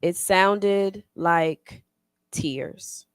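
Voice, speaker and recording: A woman reading her own spoken word poem slowly and deliberately, then leading a youth poetry circle. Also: medium pitch, smooth, dry recording, clean studio sound. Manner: slow, deliberate poetic delivery. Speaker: workshop facilitator.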